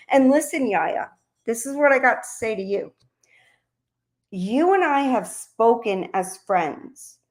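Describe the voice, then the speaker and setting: A middle-aged woman streamer delivering an angry, profane, confrontational rant to her audience. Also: medium pitch. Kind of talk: heated livestream rant.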